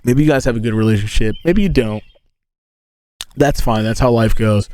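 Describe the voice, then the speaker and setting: Inside a tent, a man in his thirties chats casually on a livestream, telling rambling, animated stories full of swearing. His voice is medium-pitched and he speaks at a normal speed.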